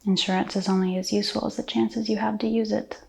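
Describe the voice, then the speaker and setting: An actress as a cold, sardonic female killer with a gravelly, fry-tinged voice. She speaks in a dry, deadpan, sarcastic way. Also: mid-range voice, quick pace, lightly acted. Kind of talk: film acting.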